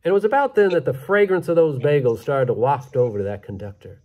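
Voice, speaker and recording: A man telling a story live on stage, animated and playful with dramatic pauses. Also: mid-range voice.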